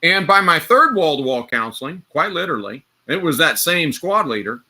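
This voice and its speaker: A man with a strikingly bright, tense voice tells a story in a loose, casual way. He swears freely and laughs as he talks, like a host chatting on a live stream. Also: on the high side, big pitch swings, moderate pace. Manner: profane, vivid storyteller who laughs mid-sentence.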